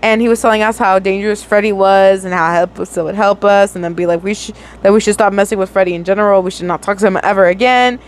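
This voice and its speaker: Here a young woman with a medium-pitched, steady voice reads fanfiction quickly with few pauses, giggling and correcting her own stumbles as she goes. The recording is rough.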